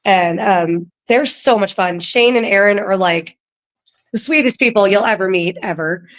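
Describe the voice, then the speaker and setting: A woman's voice: mid-range voice, normal speed, fairly bright tone. Chatty woman full of ums. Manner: chatty, laughs often, filler-heavy. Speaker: paranormal museum staff guest. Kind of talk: casual podcast interview.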